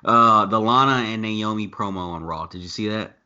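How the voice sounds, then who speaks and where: A man co-hosting a wrestling chat over a video call, talking casually with lots of swearing and getting louder and higher when he is worked up. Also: moderate pace, clear, resonant tone. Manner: profane, animated, rises sharply when worked up. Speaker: wrestling podcast co-host. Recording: dull lo-fi video call audio.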